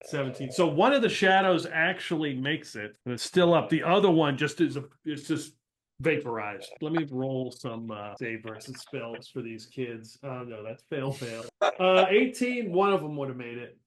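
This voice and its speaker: A man narrating as game master of a tabletop role-playing game, in loose, halting speech full of fillers and restarts. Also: mid-range voice, animated.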